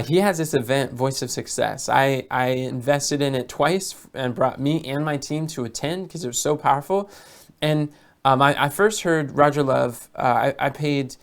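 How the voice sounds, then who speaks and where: A man talking as a business coach in a casual monologue, telling stories and often repeating or restarting his words. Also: a little high. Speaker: business coach for health educators.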